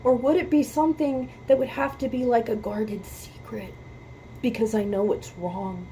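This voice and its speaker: A woman's voice: a little high, steady tone, moderate pace, dark tone, slight background noise, rough recording. A woman hosting a music reaction video, talking earnestly about faith and repeating her points for emphasis, close to tears. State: emotional, near tears. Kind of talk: heartfelt talk to camera about faith.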